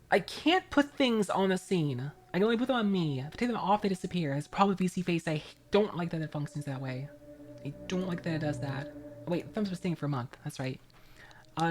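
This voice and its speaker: A woman's voice: on the low side, slight background noise. Chatty, laughing woman game streamer. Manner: chatty, laughs often, reads and thanks viewers' chat. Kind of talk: casual live-stream chat while playing.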